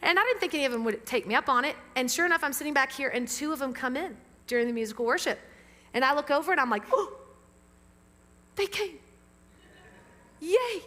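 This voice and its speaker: A woman pastor preaching a sermon to a church congregation, lively and engaging them with questions. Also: sits high, racing. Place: church sanctuary with amplified sound. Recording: long reverb of a church hall.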